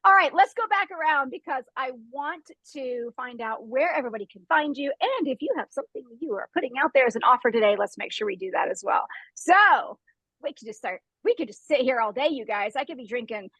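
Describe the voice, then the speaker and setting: A woman hosting a group talk, telling an animated story, laughing often and acting out the sounds. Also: high voice, a little fast, no room sound, rough recording. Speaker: host.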